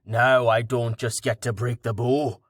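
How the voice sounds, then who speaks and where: A man voicing a big, gruff, crude brawler in an audiobook, talking with casual swagger. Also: medium pitch, little pitch movement, a little slow, dry recording, clean studio sound, natural voice.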